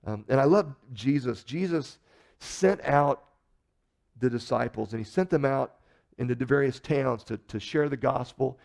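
A male pastor preaching a sermon in a conversational, animated storytelling way, acting out the people in his stories. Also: mid-range voice, moderate pace, vocal fry.

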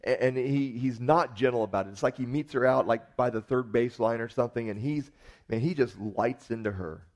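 A man's voice: mid-range voice, a little fast, a little mellow. A man preaching a sermon, with conversational storytelling and earnest emphasis.

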